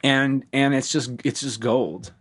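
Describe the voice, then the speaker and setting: A man hosting a casual podcast chat about a film, animated and swearing freely, often acting out lines from the movie. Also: medium pitch, measured pace, husky. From Ohio, US. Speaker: podcast host.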